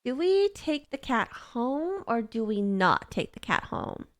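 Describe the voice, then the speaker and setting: A woman's voice: very animated, unhurried. Gushing woman streamer reading a game. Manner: emotional, gushing, high squeals when moved. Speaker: gaming streamer. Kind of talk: reading a story game aloud with chat asides.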